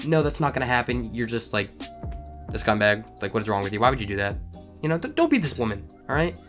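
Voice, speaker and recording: A man hosting a story channel who reads online stories aloud and breaks into animated, ranting comedic commentary. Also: medium pitch, fast, soft background music.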